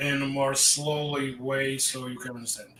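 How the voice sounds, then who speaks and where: A man chatting as a guest on a video call, explaining things slowly and carefully. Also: mid-range voice, flat delivery, heavy background noise. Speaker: guest on an online chat show. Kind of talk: casual chat on a video call.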